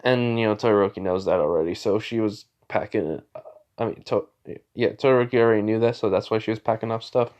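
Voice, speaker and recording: A man's voice: fairly low pitch, fast, a little mellow, dull audio. Rambling young male storyteller. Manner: rambling, full of fillers and restarts. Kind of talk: casual retelling of a fan story.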